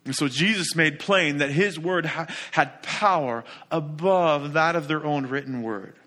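In a voice on the higher side, a pastor preaches unhurriedly. The sermon is emphatic and full of rhetorical questions, rising into loud declarations and then dropping into soft asides.

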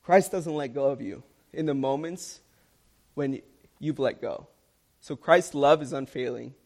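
A man's voice: medium pitch, unhurried, a little mellow. A young man preaching a sermon, earnest and emphatic, repeating key lines for stress.

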